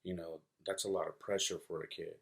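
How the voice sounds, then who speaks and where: A man's voice: low-pitched, flat delivery, fairly quick, vocal fry. A man in his forties from California, hosting a solo podcast and talking in a rambling, conversational way with many fillers and restarts. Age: 40s. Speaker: podcast host. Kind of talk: casual solo podcast monologue.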